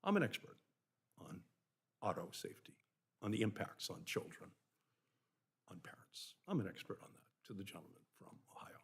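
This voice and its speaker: This deep, husky voice belongs to an older senator from Massachusetts whose Boston accent colors his passionate committee remarks in a hearing room. He talks at normal speed, pauses often, and swings from forceful outbursts down to near-whispers.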